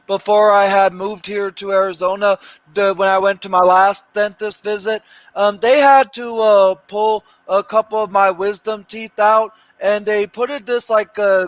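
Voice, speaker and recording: A man on a casual voice chat who speaks haltingly, with many fillers and restarts. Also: sits high, a bit bright, no echo, low-quality recording.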